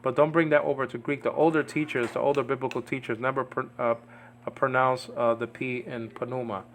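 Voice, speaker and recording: A man's voice: mid-range voice, level tone, brisk, slight background noise. Home-lesson teacher, male, digressive, keeps asking "okay?". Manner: rambling, digressive, says "okay?" often. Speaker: Greek teacher. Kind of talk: informal home video lesson.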